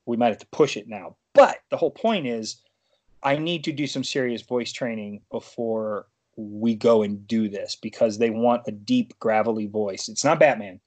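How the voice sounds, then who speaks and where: A man's voice: on the low side, moderate pace, a little mellow. A man talking as a podcast guest, telling long rambling stories and often breaking off to restart his sentences. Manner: rambling, self-interrupting storyteller. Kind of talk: casual interview chat.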